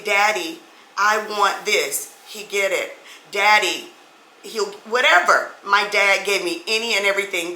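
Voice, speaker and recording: A woman's voice: on the low side, bright, forceful tone, slight background noise. A middle-aged woman hosting a podcast, telling a personal story to her listeners in a chatty way, calling them guys and y'all. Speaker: podcast host. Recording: echoey room with faint ambience.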